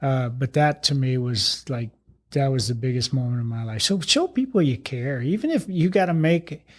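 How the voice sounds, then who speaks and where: Older man, retired fire chief as guest; mid-pitched, rambling and blunt, swears casually, pokes fun at himself. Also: expressive, moderate pace. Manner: rambling, blunt, salty, self-deprecating. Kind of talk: storytelling interview talk.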